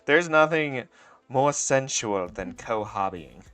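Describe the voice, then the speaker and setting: A man's voice: medium pitch, expressive, slow, a bit bright. A man hosting a casual livestream, joking and laughing often as he talks to chat while working on a craft. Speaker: livestream host.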